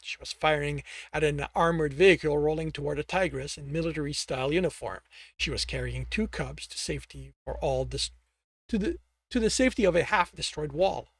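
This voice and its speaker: A man's voice: fairly high pitch, brisk, no echo. A man narrating his own book, reading aloud and correcting himself as he goes. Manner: reads with restarts and self-corrections. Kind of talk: audiobook narration.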